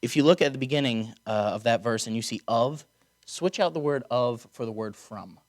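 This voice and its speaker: A man preaching a conversational sermon, slowing down to stress key words and dropping wry asides. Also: medium pitch. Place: chapel or auditorium.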